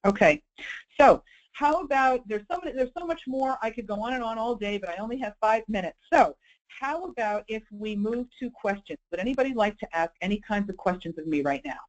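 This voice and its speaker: A woman's voice: a little high, animated, a little fast, highs cut off. A woman giving a webinar talk as a clinical presenter, speaking conversationally and often checking in with her listeners. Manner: conversational, checks in with listeners with "okay?" and "you know".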